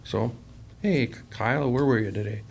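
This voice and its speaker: Gravelly-voiced business owner telling stories. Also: male voice, medium pitch, moderate pace, darkish tone. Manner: rambling, acts out quoted dialogue. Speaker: company president, podcast guest. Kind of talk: casual storytelling interview.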